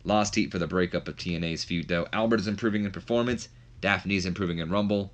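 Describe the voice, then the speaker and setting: Man, low voice, casual game commentary, rambling with fillers. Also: fast talker.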